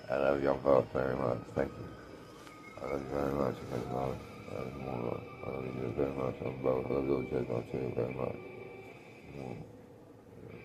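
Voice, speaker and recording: Man, extremely deep gravelly voice, loose rambling monologue full of pauses and trailing thoughts. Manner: meandering, trailing off, frequent "uh" pauses. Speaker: self-described clairvoyant.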